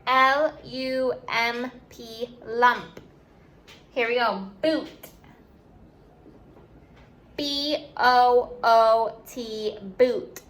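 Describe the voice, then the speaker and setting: Bright, slow-speaking woman teacher. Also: on the high side, steady tone. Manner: slow, spells words letter by letter, mixes in Spanish words. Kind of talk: online class lesson.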